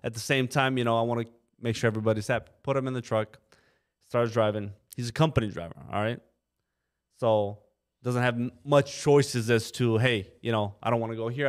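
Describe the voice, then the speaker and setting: On a podcast microphone, a man with a medium-pitched, clean-toned voice tells casual stories about the trucking company he co-owns. He's animated, imitates the drivers he quotes, and says "you know" frequently.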